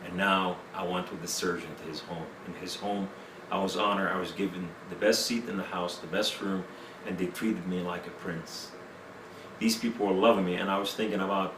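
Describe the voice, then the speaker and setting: A man's voice: low-pitched, fairly even intonation, brisk, noisy background. A man giving his personal testimony in an interview, speaking broken English with many fillers. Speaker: interview guest. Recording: echoey room, mic at a distance.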